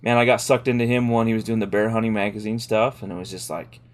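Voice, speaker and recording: A man co-hosting a dog-training podcast, chatting casually and telling lively stories with laughter. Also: lowish voice, fast. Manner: animated storyteller, laughs often, acts out quotes. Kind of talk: casual chat.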